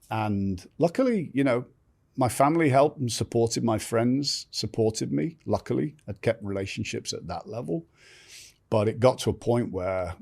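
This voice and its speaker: Older guy on a podcast, lowish voice, blunt, swears a lot, keeps restarting. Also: vocal fry, a little mellow, husky. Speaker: podcast guest. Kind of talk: candid storytelling in conversation.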